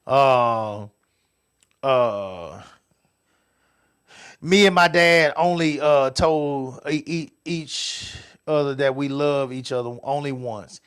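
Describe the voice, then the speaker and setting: A man's voice: medium pitch, slow pace, a bit bright, smooth. An older man, hosting a casual talk show, rambling, repeating himself and laughing often. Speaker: host.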